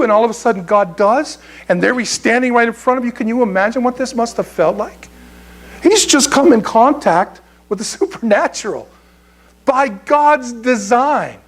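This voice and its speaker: High-voiced joking male pastor. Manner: conversational and joking, with frequent restarts. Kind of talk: sermon. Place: church sanctuary.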